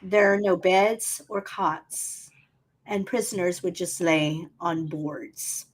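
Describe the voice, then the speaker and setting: A woman's voice: lowish voice, slow pace, husky. A woman co-hosting a history and hauntings podcast, reading history aloud in a casual, teasing way. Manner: reads history aloud, laughs easily, teasing. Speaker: podcast co-host.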